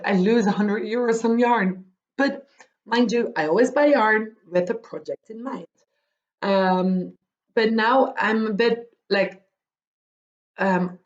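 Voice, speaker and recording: Rambling woman, lo-fi. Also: medium pitch. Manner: rambling, many ums and restarts. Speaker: podcast host. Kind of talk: casual knitting podcast chat.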